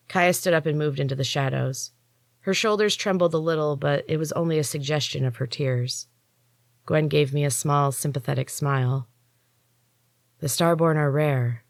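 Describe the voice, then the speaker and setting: Woman storyteller, low voice, measured expressive audiobook narration, dry recording. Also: no room sound. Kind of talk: audiobook reading.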